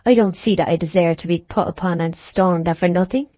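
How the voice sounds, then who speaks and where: A woman's voice: mid-range voice, animated, moderate pace, darkish tone, no room sound, natural voice. A woman voicing a small, tearful young maid in an audiobook, speaking emphatically in old rustic phrasing. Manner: emphatic, dramatic rustic speech.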